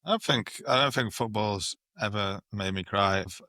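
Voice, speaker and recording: Male co-host, fairly low and bright, a hesitant, filler-heavy talker. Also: moderate pace, no echo. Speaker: podcast co-host. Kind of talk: casual chat.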